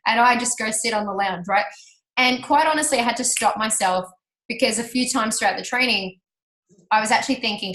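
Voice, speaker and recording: A woman telling a personal story to an audience, chatty and animated, laughing often and acting out what people said. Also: on the high side, brisk. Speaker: speaker sharing her business success story. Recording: roomy hall reverb.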